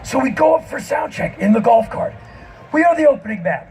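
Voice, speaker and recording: Male live storyteller on a festival stage; high, animated, shouts the punchlines. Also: a little fast. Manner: animated, self-mocking, often shouting. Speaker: spoken-word performer.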